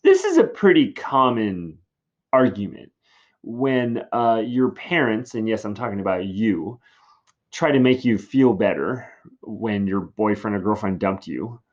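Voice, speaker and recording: A man's voice: lowish voice, big pitch swings, unhurried, lo-fi sound. A man teaching in a casual classroom style, chatty and full of fillers as he explains a play.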